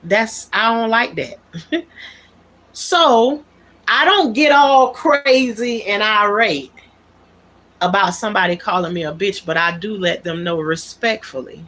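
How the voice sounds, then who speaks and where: A woman's voice: mid-range voice, animated, takes it slowly, a bit bright, a little hiss or hum. A woman hosting a livestream, talking things out in an aggrieved, emphatic way and repeating her key words. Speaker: livestream host. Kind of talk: unscripted livestream monologue.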